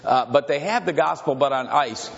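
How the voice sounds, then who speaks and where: A man's voice: a little high, normal speed, creaky, a bit bright. An older man from Michigan preaching a conversational sermon, rambling and digressive, repeating himself and asking the congregation questions. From Grand Rapids, Michigan. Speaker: pastor leading a Bible study. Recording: dull recording with long hall reverb.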